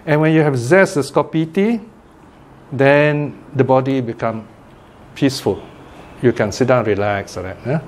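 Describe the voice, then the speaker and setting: An older man with a mid-range voice teaching meditation to a class. He talks casually and warmly, keeps turning to his listeners with little questions, and chuckles gently as he explains. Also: medium pitch, moderate pace, long pauses. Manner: chatty, checks in with listeners by asking "okay?" and "right?". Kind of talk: informal Dhamma class talk.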